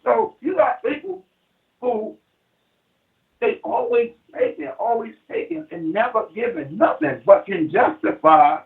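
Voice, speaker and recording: A man talking in a casual chat, making his point like a sermon and acting out the people he quotes in a lower voice. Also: sing-song, a little slow, gravelly. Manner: preachy, acts out quoted voices in a low register. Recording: distant, phone-like line.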